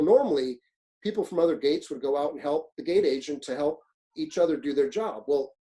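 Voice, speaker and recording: A fire service leadership instructor with a medium-pitched male voice gives his own webinar presentation, and the recording quality is low. He's a blunt, animated storyteller who swears freely and acts out the quotes in his stories.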